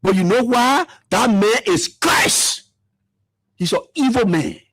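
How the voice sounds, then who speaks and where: A man's voice: sits high, animated, slow pace, fairly bright tone, no room sound. A man giving fiery political commentary, full of repetition and rhetorical questions. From Liberia.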